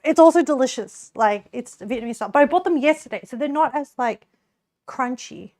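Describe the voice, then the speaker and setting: A young Australian woman chats casually while cooking on a live stream, giggling often and rambling with many "like" fillers. Her voice is high, animated, fairly quick and darkish, in a dry, clean studio recording.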